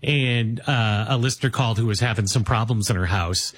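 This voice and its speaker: A man's voice: on the low side, a little fast, husky, dry recording. A man hosting a radio show who chats casually with his guest and laughs easily. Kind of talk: casual interview chat.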